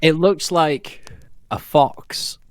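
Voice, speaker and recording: A man's voice: fairly high pitch, drawn-out words, no room sound. A man playing a tabletop role-playing game, describing his actions in a casual, rambling way full of fillers.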